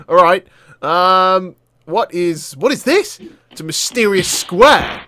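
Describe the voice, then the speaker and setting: Young male gamer, excitable and loud, with a bright, high voice for let's-play commentary. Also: very slow, long pauses. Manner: excitable, often shouting and laughing. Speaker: gaming video creator.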